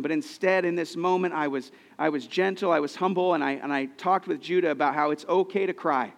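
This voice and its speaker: A man's voice: on the high side, a little fast, creaky, hardly any pauses, in a large hall. A man in his thirties preaching a sermon, telling personal stories in an earnest way, often restarting his sentences. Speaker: pastor.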